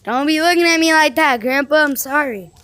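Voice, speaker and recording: A woman's voice: high voice, brisk, pushed and bright. A woman voicing a cheeky house cat who talks in slang, teasing and playful, as a comic voice-over for a pet video. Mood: baffled.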